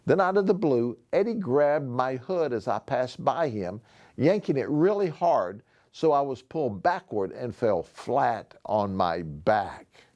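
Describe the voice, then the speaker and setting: A man reading a children's novel aloud, taking his time over each sentence. His delivery is expressive, with a lively, swinging pitch at a mid-range level. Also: unhurried. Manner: expressive storytelling. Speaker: sheriff.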